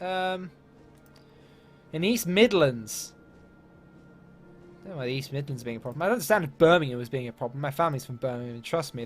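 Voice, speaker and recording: A man from England commenting casually on a strategy game, thinking aloud and muttering asides. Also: mid-range voice. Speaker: let's play gamer. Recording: faint game music behind.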